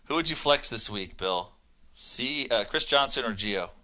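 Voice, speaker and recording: A man's voice: medium pitch, animated, unhurried, sharp tone. A man co-hosting a fantasy football radio show, reading listener emails aloud in a wry, casual way.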